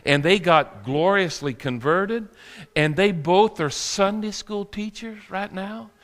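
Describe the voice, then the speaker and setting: A man's voice: high-pitched, slow, a bit bright, long reverb tail. A man preaching a sermon, telling stories with acted quotes and laughter. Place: church sanctuary.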